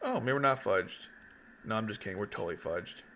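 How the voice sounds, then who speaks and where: A man's voice: fairly low pitch, expressive, a little fast, bright, forceful tone, slight background noise. A man hosting casual gaming commentary, exclaiming in frustration as his voice cracks. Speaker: YouTube host.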